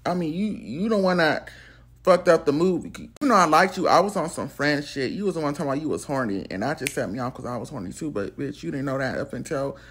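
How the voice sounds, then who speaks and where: A woman telling a storytime, blunt, profane and animated. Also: low-pitched, quick pace. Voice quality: gravelly and husky. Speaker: storytime vlogger. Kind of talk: casual storytelling.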